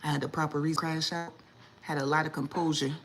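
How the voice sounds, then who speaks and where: A woman, hosting a casual livestream chat and telling stories in a lively, indignant way, acting out what people said. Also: low voice, brisk, slight background noise, poor audio. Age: 40s. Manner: animated storytelling, acts out quotes, lively and indignant. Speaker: livestream host.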